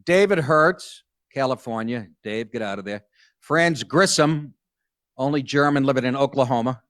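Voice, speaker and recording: A man's voice: mid-range voice, moderate pace, a bit bright, no echo, studio quality. A middle-aged man hosting a comedy talk show, reading news stories aloud and riffing on them in a crude, sardonic way.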